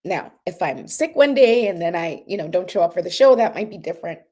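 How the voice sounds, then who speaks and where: Hosting a live oracle card stream, this woman talks in a loose, rambling way, earnest and close to tears, then leads a guided breathing exercise. Her voice is fairly low and somewhat dark, expressive, and a touch quick.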